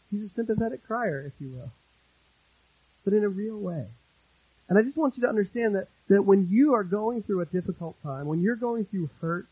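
A man preaching a sermon as pastor, earnest, repeating phrases for emphasis and swinging between loud and hushed delivery. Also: high-pitched, husky, dry recording, muffled recording.

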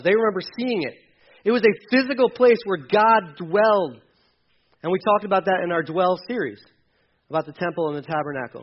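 A male pastor preaching a sermon to a congregation, emphatic and urgent, dropping into quiet asides. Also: high-pitched, husky, lo-fi sound. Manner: emphatic, swings between loud urging and quiet asides. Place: church hall with a congregation.

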